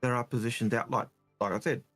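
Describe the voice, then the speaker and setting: A man's voice: mid-range voice, steady tone, fast, a bit bright, soft background music. A man co-hosting a casual gaming podcast, who talks in a hesitant, repetitive way and turns blunt and heated when annoyed. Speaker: co-host.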